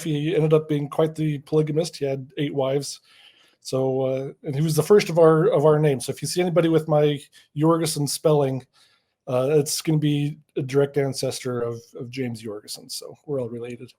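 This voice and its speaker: A man's voice: a little high, mellow. A man from Idaho, a guest in a casual interview, telling history stories in an easygoing, jokey way. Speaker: guest, Mormon history storyteller.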